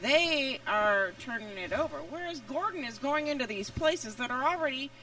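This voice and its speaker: A woman's voice: sits high, expressive, moderate pace, pushed and bright, far from the mic, low-quality recording. A woman, a guest on a podcast, chatting and reasoning thoughtfully. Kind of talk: casual podcast chat.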